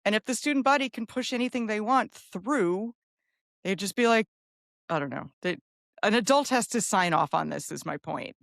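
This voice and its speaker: A woman's voice: medium pitch, animated, moderate pace, gravelly, no echo, clean studio sound. A middle-aged woman co-hosting a podcast, chatting casually and telling stories in which she acts out quoted lines. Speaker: podcast co-host. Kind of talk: casual chat.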